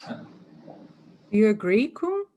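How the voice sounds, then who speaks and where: Soft-spoken woman asking cupping questions. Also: medium pitch, big pitch swings, extremely slow. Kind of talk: live online coffee cupping chat.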